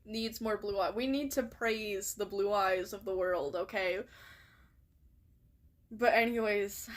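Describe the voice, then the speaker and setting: A young woman streams herself reading an interactive story aloud, with a fairly high voice and an unhurried pace. She reacts openly and emotionally, laughing and swearing freely between passages.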